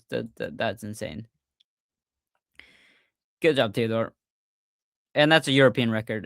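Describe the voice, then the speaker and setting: A man hosting a casual livestreamed podcast, talking excitedly and often restarting his sentences with fillers. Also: mid-range voice, dry recording, clean studio sound. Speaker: podcast host.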